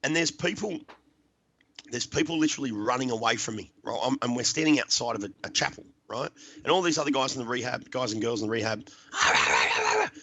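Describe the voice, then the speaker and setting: A man's voice: medium pitch, fast, gravelly, fairly bright tone, highs cut off, a little hiss or hum. An Australian man, a podcast guest, tells his life story bluntly and emphatically, swearing often and dropping in "mate" and "right?". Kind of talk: personal storytelling.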